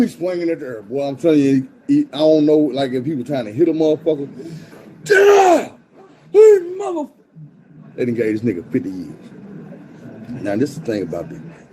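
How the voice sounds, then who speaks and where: A man tells a story in casual, profane street slang, acting out quotes with animated swings in his voice. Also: mid-range voice, low-quality recording.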